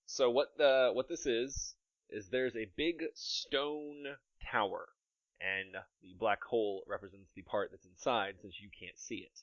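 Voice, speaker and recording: A man's voice: medium pitch, unhurried, no echo, dull audio. A man narrating a tabletop game as game master, descriptive and amused, laughing often.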